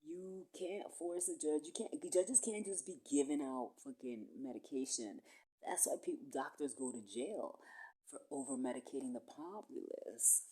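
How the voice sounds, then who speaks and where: A woman's voice: extremely low pitch, lively intonation, normal speed, dark tone, husky. A woman, rambling profanely through a monologue that jumps from topic to topic. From Puerto Rico.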